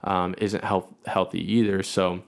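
A man's voice: sits low, flat delivery, unhurried. A man in his thirties, reflecting on his marriage in a casual conversation, with many fillers and restarts.

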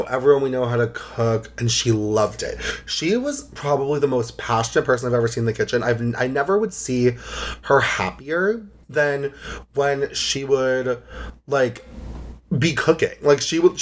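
A young man talking on his own podcast, loose and rambling, full of "like" and side remarks. His voice sits at an ordinary middle pitch, and now and then he sounds close to tears. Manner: chatty, rambling, heavy use of "like". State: emotional, near tears. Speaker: podcast host. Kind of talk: casual solo podcast chat.

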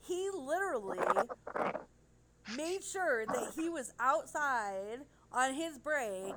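A woman's voice: high-pitched, slow pace, noisy background. Chatty woman telling a long story. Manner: animated, rambling anecdote-telling with many "like"s. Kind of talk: casual chat, storytelling.

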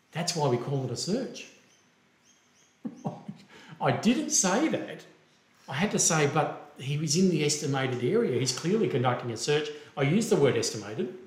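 Australian man telling a golf story, echoey. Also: medium pitch. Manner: animated, acts out quoted dialogue. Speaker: golf referee and podcast co-host. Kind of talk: casual storytelling.

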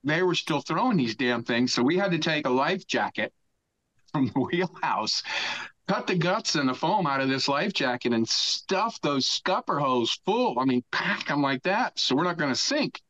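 A man in his sixties, a podcast guest, telling a long story in a casual, animated way. He swears freely and shouts out the lines he quotes. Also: fairly high pitch, moderate pace.

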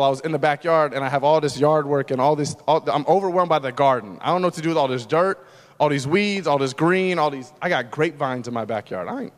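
A man pastor preaching a sermon, moving between loud, emphatic lines and hushed, quiet ones. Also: on the high side, in a large hall.

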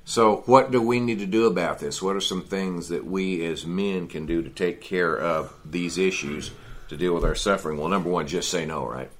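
A man's voice: low voice, normal speed, few pauses. A man teaching a men's Bible study in a folksy, conversational sermon style, often adding "you know" and "see".

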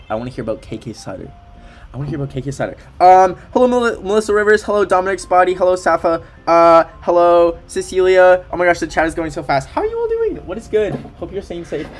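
A man livestreaming a game in casual chat, excitable and emotional, gushing over what he sees, at his desk at home. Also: fairly high pitch, noisy background. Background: faint game music.

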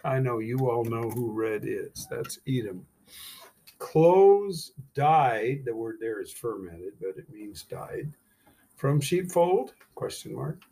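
A man teaching verse by verse through a scripture chapter, reading each verse slowly and then commenting with emphatic rhetorical questions. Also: mid-range voice, a little mellow, slightly rough. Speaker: Bible teacher.

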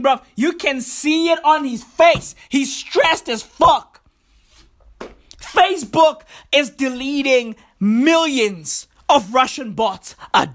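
High, animated woman ranting. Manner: animated, shouty, profane slang-heavy. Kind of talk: comedic rant.

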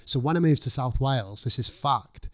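Swearing chef telling stories. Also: male voice, medium pitch, moderate pace. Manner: swears freely, lively storytelling, acts out own past thoughts. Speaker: chef guest. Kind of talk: casual podcast chat.

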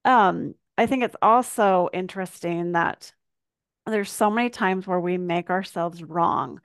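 Soft thoughtful woman podcast host. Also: fairly low pitch, unhurried, smooth, no echo, clean studio sound. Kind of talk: reflective podcast conversation.

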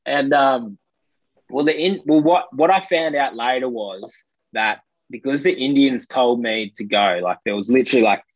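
A man's voice: mid-range voice, normal speed, no room sound, muffled recording. A young Australian man telling a rambling anecdote in casual chat, full of fillers. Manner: rambling, filler-heavy, laughs between lines. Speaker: storyteller.

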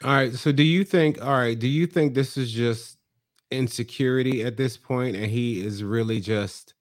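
A man's voice: mid-range voice, normal speed. A man co-hosting a casual podcast, recapping a reality show and acting out the people in it. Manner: animated, acts out quoted people in changed voices. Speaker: podcast co-host.

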